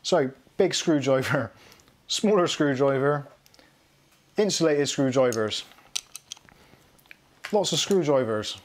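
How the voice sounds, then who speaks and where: A man's voice: medium pitch, expressive, takes it slowly, pauses often. A middle-aged man hosting a live tech stream, rambling and self-mocking as he goes through his tools. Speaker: tech channel host. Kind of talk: casual live unboxing chat.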